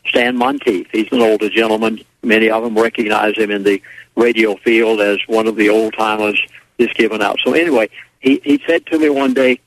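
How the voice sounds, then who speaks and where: A man's voice: lowish voice, fairly even intonation, fairly quick, no room sound, low-quality recording. A man guest on a radio talk show, telling a rambling, folksy story in a casual way and acting out what others said. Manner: folksy, rambling, acts out quoted voices.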